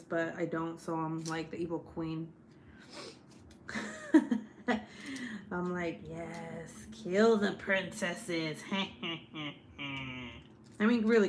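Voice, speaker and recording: Woman on a live stream, kinda low voice, rambles and cusses a lot, laughs easily. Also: steady tone, brisk, hardly any pauses, slight background noise. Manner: chatty and profane, laughs often. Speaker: live streamer chatting with viewers. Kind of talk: casual chat.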